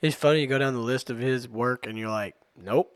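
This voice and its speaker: A man's voice: medium pitch, steady tone, fast, no room sound. A man hosting a podcast, telling jokes and chatting casually with friends. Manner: joking, chatty storyteller. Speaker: podcast host. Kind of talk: casual chat.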